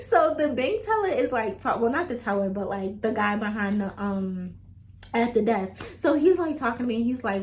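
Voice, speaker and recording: A woman's voice: on the high side, sing-song, moderate pace, a little hiss or hum. A young adult woman telling a story to her viewers in a chatty way, full of fillers. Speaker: vlogger. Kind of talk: casual storytime chat.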